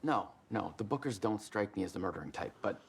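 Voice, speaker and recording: An actor playing a friendly, steady male sheriff in a video game, speaking in an easygoing, plainspoken way. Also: lowish voice, fairly quick, vocal fry, husky, full character voice. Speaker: game character.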